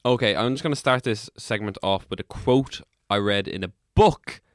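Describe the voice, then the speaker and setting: A man's voice: fairly low pitch, moderate pace, background noise. A man co-hosting a podcast, chipping in with dry teasing remarks and reading quotes aloud in casual comedic chat. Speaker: podcast co-host.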